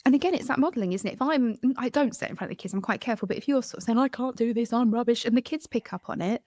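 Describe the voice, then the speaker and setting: A woman's voice: fairly high pitch, very fast, darkish tone, no echo. A middle-aged woman hosting a podcast, frank and chatty, with a self-deprecating manner. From United Kingdom. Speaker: podcast host. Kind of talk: candid podcast conversation.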